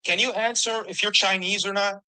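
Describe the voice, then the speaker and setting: A man's voice: high voice, fairly even intonation, a little fast, sharp tone, low-quality recording. A man from Florida arguing defensively as a guest in a heated online debate. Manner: defensive, argumentative.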